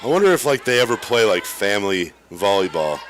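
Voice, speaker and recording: An excitable man doing live play-by-play for a high school volleyball match. He chats casually with his partner and breaks into quick exclamations as the rallies swing. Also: a little hiss or hum. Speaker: play-by-play announcer.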